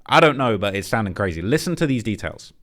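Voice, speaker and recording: A man hosting a commentary channel, reacting to footage in an animated, speculative, blunt and slangy way. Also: lowish voice, fast talker, loud music behind the voice.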